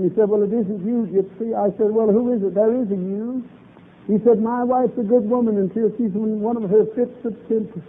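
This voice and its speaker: A man preaching a revival sermon, fervent and emphatic, repeating lines for emphasis. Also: high-pitched. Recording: tinny old lo-fi recording.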